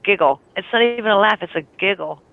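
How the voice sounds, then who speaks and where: Raspy warm woman on a tinny line. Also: mid-range voice, fast talker. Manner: chatty, laughs often. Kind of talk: casual group voice chat.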